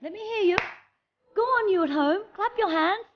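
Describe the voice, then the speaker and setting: A woman presenting a children's show in a fairy character, telling a story in an animated, sing-song way and talking straight to the children. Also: very high voice, normal speed, muffled recording.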